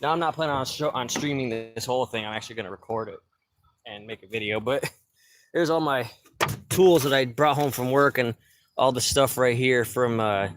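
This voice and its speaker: A man's voice: mid-range voice, background noise. A man livestreaming a car repair from his backyard, talking loosely to viewers while winded. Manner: loose, rambling, greets viewers by name. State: out of breath. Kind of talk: casual livestream chat. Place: backyard, outdoors.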